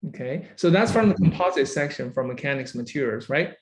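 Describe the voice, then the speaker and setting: A man's voice: fairly high pitch, lively intonation, a little fast. A man lecturing a university engineering class, who keeps checking understanding with "right?" and "okay?" and praises students by name.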